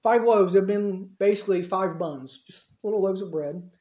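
A man with a high, warm voice preaches a storytelling sermon at a moderate pace, keeping it casual and conversational and acting out the dialogue as he retells it. The recording has a roomy echo.

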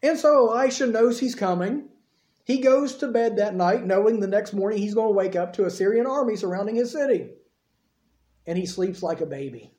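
A man preaching a sermon, telling the story in an animated way and acting out the quotes himself. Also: high voice, normal speed, roomy sound. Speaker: pastor.

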